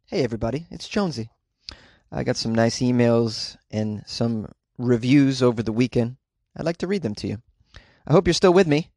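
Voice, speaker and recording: A man's voice: medium pitch, lively intonation, moderate pace, a little mellow, no room sound, studio quality. A man hosting a comedy podcast from a home closet, rambling and chatty with profane asides. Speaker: podcast host. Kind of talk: casual comedic monologue.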